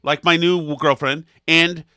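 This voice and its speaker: Casting: male podcast co-host, bright tone, dry close studio mic, rambling comic storyteller. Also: a little high, fairly even intonation, a little slow, clean tone, no echo. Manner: rambling, self-mocking anecdotes. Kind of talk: comedic storytelling chat.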